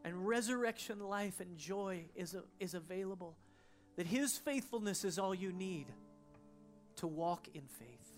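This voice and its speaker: A woman pastor delivers a sermon at a church service. She swings from soaring, emphatic proclamation to hushed, intimate prayer. Faint music plays softly behind her voice. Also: on the low side, animated, measured pace.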